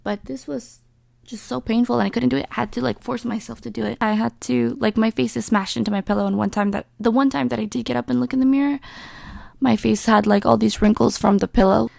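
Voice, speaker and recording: Candid, gravelly-voiced young woman vlogging. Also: on the high side, steady tone, quick pace, a little mellow, no echo. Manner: candid, rambling, laughs often. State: out of breath. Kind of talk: casual recovery vlog. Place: bedroom, lying in bed.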